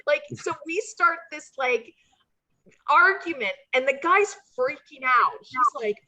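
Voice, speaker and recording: Bright-voiced woman telling a chatty story. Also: sits high, slow pace. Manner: chatty, animated, frequent fillers and laughs. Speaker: guest, former wrestler. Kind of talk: casual anecdote storytelling.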